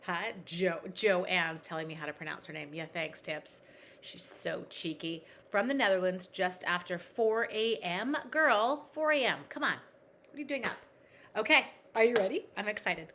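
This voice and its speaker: Bubbly chatty woman hosting a craft stream. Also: medium pitch. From Canada. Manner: bubbly, chatty, excitable, self-joking. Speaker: host of a live card-making stream. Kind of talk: live craft tutorial with chat greetings.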